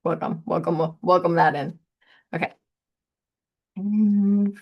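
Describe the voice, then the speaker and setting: A woman giving a casual, meandering tarot reading, soft and giggly, repeating words playfully. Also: on the low side, takes it slowly, long pauses, breathy edge. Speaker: tarot reader.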